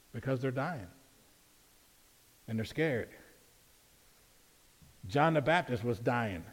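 A man's voice: medium pitch, animated, takes it slowly, long pauses. A man, preaching a sermon in a church sanctuary, chatty at times and emphatic at others. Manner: conversational preaching, rising to emphatic peaks. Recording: reverberant church hall.

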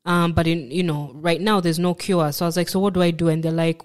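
A woman, a podcast guest, telling a personal story in a halting way, repeating words and acting out what others told her. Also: fairly low pitch, little pitch movement.

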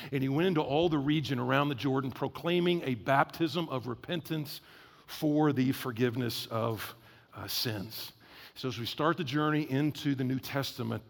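A man preaching a sermon as pastor, energetic and conversational, slipping into acted asides. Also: mid-range voice, creaky. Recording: long hall reverb.

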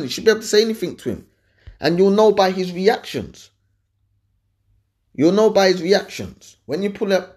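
A young man gives blunt, animated relationship advice in a casual, slangy way, repeating his points. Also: high-pitched. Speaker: advice-giving host.

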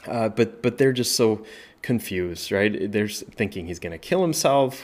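A male pastor teaches a Bible passage in an informal, conversational study, speaking animatedly at normal speed with a low-ish voice. He keeps asking "right?", restarts sentences, and his voice rises when he speaks as Jesus.

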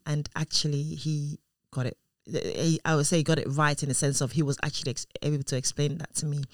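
A woman's voice: low voice, no room sound, studio quality. A woman, a mother in her thirties, telling a personal story in a casual way, acting out what people said and often restarting her sentences. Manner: animated, acts out quoted voices, restarts often.

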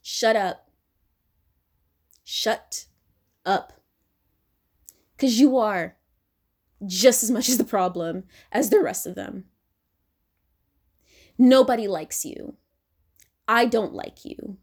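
A woman's voice: medium pitch, takes it slowly, pauses often, darkish tone, breathy edge. A young woman giving a blunt, profane, confrontational rant to camera.

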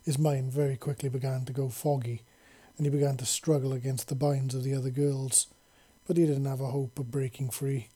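A man reading a story aloud in a steady, unhurried way. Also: mid-range voice, breathy edge. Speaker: narrator.

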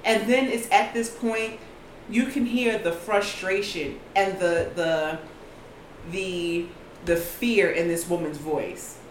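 Animated storytelling woman, echoey room. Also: on the low side, slow. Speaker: co-host. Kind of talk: casual commentary chat. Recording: echoey room with faint noise.

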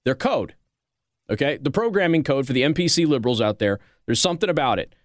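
A man's voice: medium pitch, sing-song, fast, no echo, clean studio sound. Sarcastic man hosting a commentary show. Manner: conversational, sarcastic, rambling with restarts. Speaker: political commentary host. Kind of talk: casual commentary monologue.

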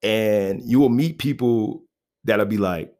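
A man's voice: on the low side, slow pace, a little mellow. A man telling a personal story in a casual, rambling way, full of fillers. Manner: rambling, laid-back, many fillers and "you know what I mean".

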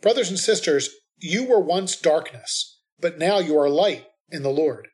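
A man reading the responsorial psalm and scripture readings at Mass in a measured, steady way. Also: fairly high pitch.

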